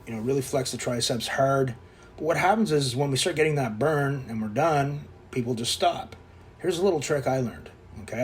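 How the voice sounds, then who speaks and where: A man's voice: medium pitch, slight background noise. Blunt Canadian man in his fifties. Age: 50s. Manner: blunt and profane, coaching tone. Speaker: fitness vlogger. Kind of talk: casual voice-over vlog.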